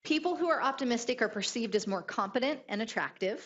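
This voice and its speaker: A keynote speaker with a fairly high voice talks fast through a motivational leadership talk, and the highs are cut off. She's an animated storyteller who acts out the people in her stories.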